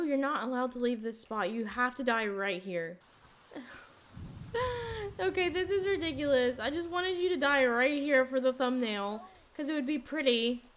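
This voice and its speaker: A young woman giving casual let's play commentary on a life-sim game, reacting excitedly and dramatically to what happens on screen. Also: on the high side. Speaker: gaming YouTuber.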